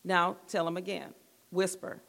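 A woman's voice: lowish voice, little pitch movement, a little slow, gravelly, fairly bright tone. A woman leading a church group through an exercise and a devotional talk, patient and repeating her instructions. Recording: long echoey hall reverb.

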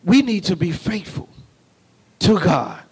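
A man preaching a sermon, folksy and calling on the congregation, rising to shouts. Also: high voice, animated, slow pace, breathy edge. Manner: call-and-response, folksy, shouting at peaks.

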